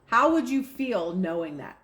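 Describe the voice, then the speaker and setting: A woman hosting a live stream, chatting casually and teaching about manifesting, with a relaxed manner full of fillers. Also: medium pitch, measured pace. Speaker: host of a manifesting livestream. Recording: roomy echo.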